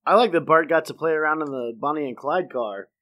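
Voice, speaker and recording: A man co-hosting a podcast in casual chat, tossing in quick quips and chuckling. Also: a little high, fairly bright tone. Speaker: podcast co-host.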